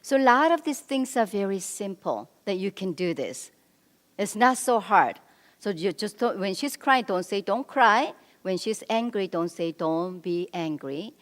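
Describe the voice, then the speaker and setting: A middle-aged woman giving a church marriage seminar, animated as she coaches the men in the audience directly. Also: medium pitch, unhurried. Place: church hall. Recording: long reverb of a church hall.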